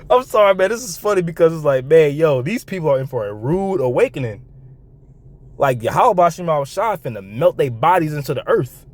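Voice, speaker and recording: Animated man with a lively, swooping voice. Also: on the high side. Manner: animated, repeats words and restarts, laughs between remarks. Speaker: online commentator. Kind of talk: reaction commentary with scripture reading.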